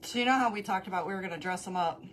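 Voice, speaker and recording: A woman's voice: medium pitch, racing, slight background noise. A woman hosting a casual craft live stream at home, rambling and easily amused, often breaking off to greet viewers by name. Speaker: craft livestream host. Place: at home with her dog.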